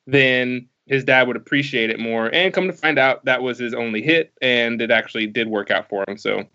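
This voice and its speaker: A man co-hosting a podcast, chatting casually and tripping over his words as he rambles on. His voice sits at an ordinary middle pitch. The audio comes through slightly muffled. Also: moderate pace, pushed and bright. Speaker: podcast co-host.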